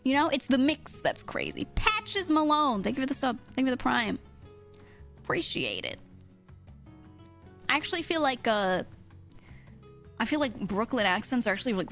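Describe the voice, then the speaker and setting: A woman's voice: mid-range voice, moderate pace, pauses often, soft background music. A young woman streamer, chatting casually with chat, laughing often and swearing freely. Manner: laughing, swearing, animated asides.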